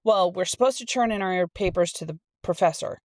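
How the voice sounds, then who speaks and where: A middle-aged woman reading a storytime aloud and telling her own college story in a chatty, animated way. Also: fairly low pitch, brisk, dry recording. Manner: chatty and animated, acts out quoted people. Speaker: storytime reader and channel host. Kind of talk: casual storytime reading with personal anecdote.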